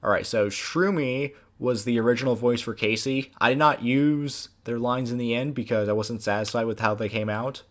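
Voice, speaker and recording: A man, the creator of an animated series, giving a casual, rambling director's commentary with many fillers. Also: mid-range voice, normal speed, few pauses.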